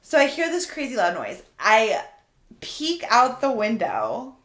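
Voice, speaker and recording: A woman co-hosting a podcast in casual chat, telling stories in an animated way and laughing often. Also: on the high side, a little slow. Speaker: podcast co-host. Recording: roomy echo.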